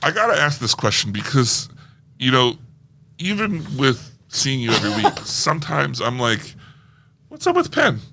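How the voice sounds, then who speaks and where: A man's voice: medium pitch, animated, normal speed, creaky, background noise. A man co-hosting a film podcast, reading listener emails aloud in a playful, casual way. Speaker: podcast co-host. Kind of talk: casual chat.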